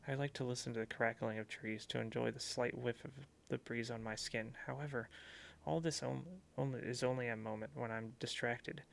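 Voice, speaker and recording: A man's voice: mid-range voice, fairly even intonation, brisk, creaky, slight background noise, close to an everyday voice. A man reading the lines of a despairing young man trapped in a hole, in a horror game. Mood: brooding. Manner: despairing, then pleading. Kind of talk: reading game dialogue aloud.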